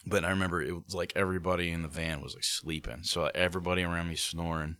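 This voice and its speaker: A man's voice: sits low, fairly even intonation, fast, pushed and bright, no room sound. A man co-hosting a casual chat, laid-back, filling his talk with "like". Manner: laid-back, many "like" fillers. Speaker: podcast co-host, band member.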